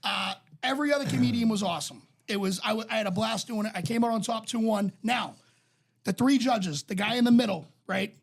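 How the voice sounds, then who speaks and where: A raspy-voiced man, a podcast co-host telling profane, rambling stories in casual chat. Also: high-pitched, a little fast. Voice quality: raspy, smoker-sounding voice. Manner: profane, rambling anecdotes with many restarts.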